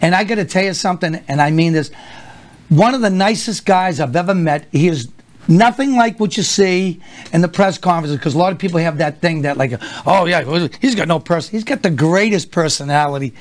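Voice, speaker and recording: An older man with a Boston accent, a comedian guest telling animated stories and acting out the voices of the people in them. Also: on the high side, a little fast. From Boston area, USA. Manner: animated anecdotes with acted-out voices. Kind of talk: storytelling on a talk show.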